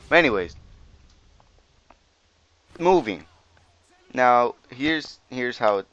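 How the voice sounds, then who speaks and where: A man's voice: on the low side, a bit bright, slight background noise. A young man, a teen, rambling informally and swearing now and then as he tells a personal story over gameplay commentary. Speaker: gaming video commentator.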